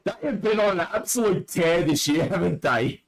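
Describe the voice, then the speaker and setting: A man co-hosts a casual podcast, his voice sitting fairly high. He jokes wryly and laughs often as he talks. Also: lively intonation, normal speed, low-quality recording. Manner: laughing, wry, joking. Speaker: podcast co-host.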